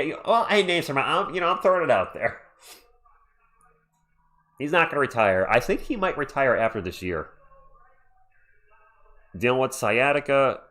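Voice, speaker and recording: A man hosting a casual livestream from home and calling a basketball game play by play. He chats excitably, breaking off to read out messages from chat, with his voice close on a desktop microphone. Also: mid-range voice. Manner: chatty, excitable, reads chat aloud. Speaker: livestream host. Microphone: USB desktop microphone.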